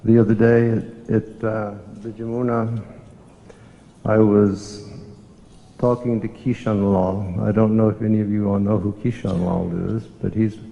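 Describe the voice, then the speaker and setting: Older guy telling old stories at a temple talk, low gravelly voice, echoey hall. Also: little pitch movement, mellow. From Southern United States. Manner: reflective, reminiscing, unhurried. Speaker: monk giving a memorial talk. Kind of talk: devotional storytelling talk. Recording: echoey hall, dull lo-fi sound.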